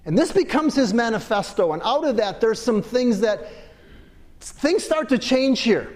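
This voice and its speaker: Man, pastor, sermon, high voice, long hall reverb, loud bursts then quiet asides. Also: expressive, a little slow. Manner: swings between loud emphatic bursts and low quiet asides.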